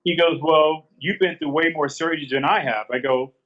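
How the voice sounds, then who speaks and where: Calling in from a garage, a male guest in a relaxed interview recounts phone exchanges, quoting each side's lines. His voice is a little high and his pace moderate, over dull, low-fidelity call audio.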